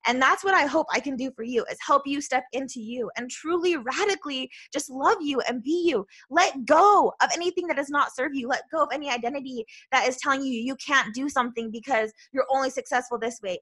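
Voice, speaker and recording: Bright, bubbly woman coaching on a podcast. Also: high-pitched, a little fast, few pauses, husky. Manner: loud and bubbly; earnest, with many "right?" tags. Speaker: self-love coach and podcast host. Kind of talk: motivational podcast monologue.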